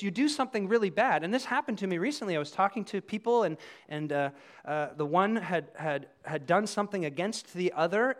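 A middle-aged man delivers a sermon as a pastor, in a slightly higher voice that ranges widely. He talks conversationally, then sinks to a hushed, quiet voice for emphasis. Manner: conversational preaching with sudden drops to a hushed voice.

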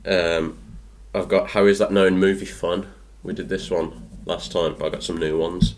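A man's voice: low-pitched, level tone, a little hiss or hum. A man with a joking, laugh-prone manner, hosting a casual podcast chat and running quiz games. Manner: laughs often, joking and quick.

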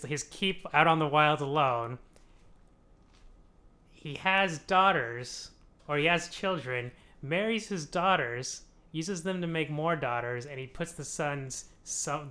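A man's voice: fairly high pitch, sharp tone. Laughing, rambling young man recapping a show. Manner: rambling, laughs often, acts out characters in quick asides. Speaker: podcast host explaining a TV show. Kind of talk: casual comedic recap.

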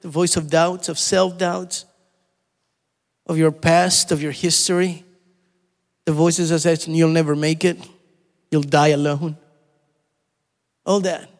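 A man's voice: a little high, in a large hall. A man preaching a sermon, repeating his points with emphasis and asking his listeners questions. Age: adult.

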